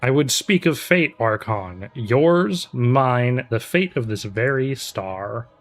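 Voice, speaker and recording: A man's voice: mid-range voice, lively intonation, takes it slowly. Man reading grave archaic villain lines in a mock-grand tone for a game stream, faint music underneath. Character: solemn ancient male villains from a fantasy game.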